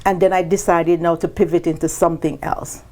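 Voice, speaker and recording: At a fairly quick clip, a woman guest on a business podcast shares her story with lots of animation, jumping abruptly in pitch as she acts out quoted dialogue.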